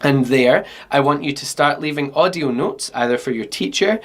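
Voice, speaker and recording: A Scottish man giving a relaxed online workshop to pupils, explaining each step in a chatty, instructive way and often filling pauses with okay and um. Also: fairly high pitch. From Scotland. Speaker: teacher.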